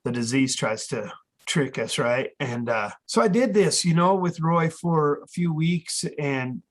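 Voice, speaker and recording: A man's voice: fairly high pitch, expressive, measured pace. A man being interviewed as a guest, telling his own story candidly and with feeling, plain-spoken and now and then swearing. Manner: earnest, emotional, acts out quoted dialogue.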